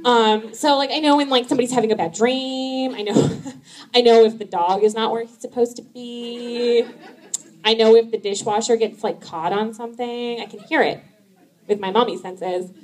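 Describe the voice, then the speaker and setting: A woman in her thirties doing a stand-up comedy set, chatty and laughing often, with many likes and ums, jumping high when she quotes herself. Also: steady tone, moderate pace, darkish tone.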